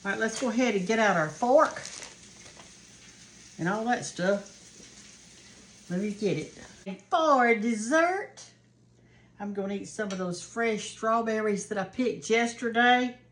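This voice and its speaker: A woman's voice: on the high side, unhurried, long pauses. An older woman from the American South with a Southern accent, chatting folksily to viewers while cooking in her home kitchen. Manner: folksy, homey, talks to viewers as y'all and honey. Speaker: cooking show host. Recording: kitchen noise behind voice. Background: frying and sizzling of cooking.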